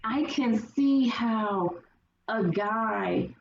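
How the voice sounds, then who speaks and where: A woman's voice: a little high, very slow, vocal fry. A woman podcast guest telling stories in casual conversation and acting out what people said. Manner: animated storyteller who acts out quotes. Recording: echoey, distant, dull lo-fi, faint noise.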